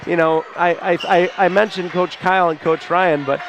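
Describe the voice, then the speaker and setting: A man in his forties calling a live high school basketball game with a stuffed-up nose, fond and folksy. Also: steady tone, moderate pace. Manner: fond, folksy, often near tears. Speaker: play-by-play announcer. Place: school gymnasium, in the stands. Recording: gym crowd noise behind the voice.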